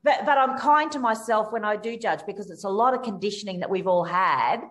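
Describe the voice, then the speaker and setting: A woman speaking as an interview guest, telling anecdotes animatedly over a video call. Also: brisk. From Australia. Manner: animated storytelling, rises sharply in pitch for lively anecdotes. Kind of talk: conversational interview.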